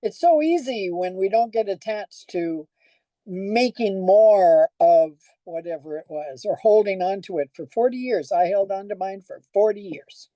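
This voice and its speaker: Mellow-voiced older woman preaching a sermon. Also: mid-range voice, measured pace, no room sound, low-quality recording. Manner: conversational, storytelling, asks the congregation questions. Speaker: pastor.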